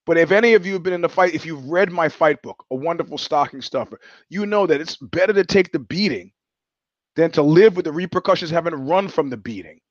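A man hosts his podcast in a blunt, profane, rambling monologue full of restarts. His voice sits a little high for a man. The recording is dry and dull, with a lo-fi sound. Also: a little fast, dry recording. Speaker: podcast host. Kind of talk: casual monologue.

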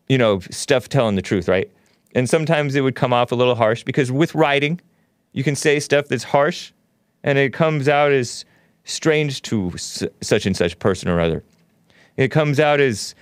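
A man's voice: mid-range voice, no echo, clean studio sound. A man hosting a talk show, talking in a rambling, opinionated monologue with frequent chuckles. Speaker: show host.

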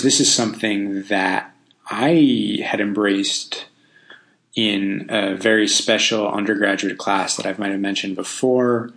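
A man's voice: lowish voice, bright, forceful tone. A man hosting a casual solo podcast, thinking aloud in a loose, self-deprecating way with frequent ums and restarts. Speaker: podcast host.

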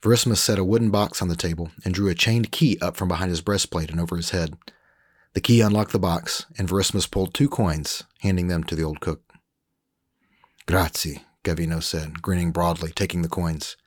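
A man narrating a scripted story in a measured, even reading. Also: deep voice, dry recording, studio quality.

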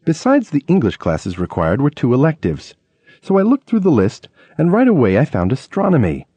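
A man narrating a memoir audiobook in a lively storytelling way, acting out quoted lines. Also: medium pitch, moderate pace, breathy edge, dry recording. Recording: dull lo-fi audiobook recording.

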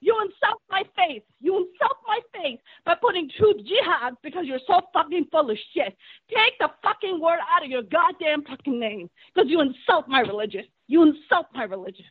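A woman's voice: high voice, lively intonation, moderate pace, no echo. A woman comedian who is an immigrant, arguing angrily with a host and swearing as she talks over him. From born in a third-world country, immigrant to the US. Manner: angry, profane, shouting over the host. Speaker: guest comedian. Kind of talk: heated argument. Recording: dry tinny phone line.

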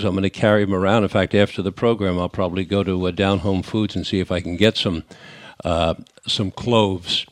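A man's voice: on the low side, no echo, clean studio sound. An older man from New York with a New York accent, hosting a radio call-in show and talking in a conversational way with many fillers and restarts. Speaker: radio talk show host. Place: radio studio.

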